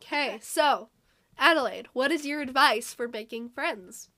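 A teenage girl hosts a casual faith talk show with a high, light voice. She tells her stories earnestly and reads verses aloud in a sincere, unhurried way. The sound is dry and close. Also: animated, pushed and bright, dry recording. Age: teens. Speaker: podcast host.

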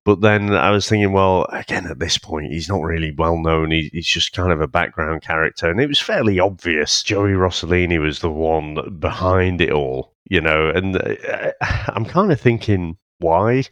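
A man co-hosting a casual film review podcast, talking in a halting, thoughtful way with many restarts. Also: low voice, fairly bright tone, no room sound. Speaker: podcast co-host.

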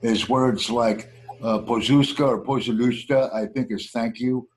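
Male learner on a call, mid-range pitch, courteous and formal, echoes each new word back. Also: fairly even intonation, moderate pace, darkish tone. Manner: polite and formal, repeats words back, thanks often. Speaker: student and channel host. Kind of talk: casual online lesson. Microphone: video call.

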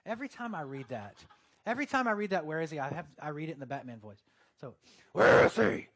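A man's voice: a little high, animated, fast talker, a bit bright. A man preaching a sermon in a casual, conversational way, with lots of fillers and quoted asides. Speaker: pastor.

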